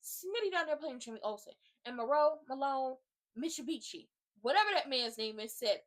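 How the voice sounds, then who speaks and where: A woman with a high-pitched voice hosts a casual recap rant. She is animated and slangy and speaks straight to her viewers. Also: moderate pace. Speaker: YouTube host recapping a TV drama.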